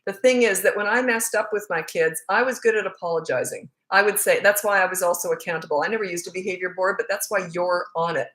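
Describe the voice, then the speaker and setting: A middle-aged parenting coach chats on a livestream, telling stories and laughing often. Her voice is on the low side yet fairly bright, and she talks fast with few pauses.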